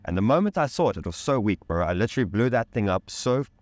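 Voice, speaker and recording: A man's voice: on the low side, sing-song, fast, no room sound. A man speaking as a podcast guest, telling a candid personal story with intense emphasis, casual slang and swearing.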